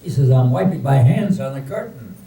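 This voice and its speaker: An older man telling jokes to a live audience, slow and deliberate, raising his voice for the punchlines. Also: mid-range voice, lively intonation, dark tone, a little hiss or hum. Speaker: joke teller. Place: community hall. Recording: roomy, distant recording with faint ambience.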